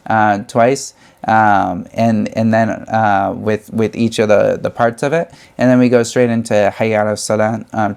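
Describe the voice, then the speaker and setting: A young man teaching a religious lesson, explaining slowly with many fillers and restarts. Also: lowish voice, darkish tone. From United States.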